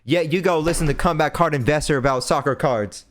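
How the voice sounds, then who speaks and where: A man's voice: a little high, fast. A young man hosting a podcast, delivering an impassioned, preachy rant and repeating phrases for emphasis. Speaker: podcast host.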